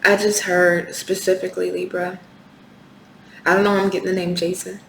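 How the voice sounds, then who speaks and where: A woman's voice: lowish voice, level tone, normal speed, gravelly. A woman doing a tarot reading, speaking with passion, repeating rhetorical questions and swearing now and then. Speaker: tarot reader. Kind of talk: spiritual tarot reading to camera. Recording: echoey room with faint background noise.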